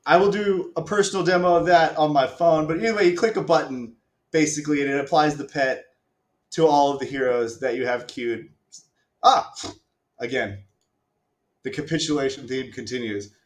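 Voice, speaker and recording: A man's voice: on the high side, fairly even intonation, brisk, reverberant. A man hosting a live stream, casually walking viewers through a game demo with self-mocking asides and the odd swear. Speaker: stream host.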